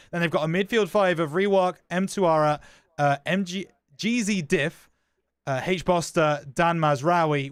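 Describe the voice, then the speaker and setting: A young man hosts an esports football final with upbeat, playful energy, welcoming viewers and running through line-ups. His voice sits high and has a smooth, clear tone. It is recorded dry and close. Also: dry recording. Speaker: esports host. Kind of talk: esports pre-match presenting.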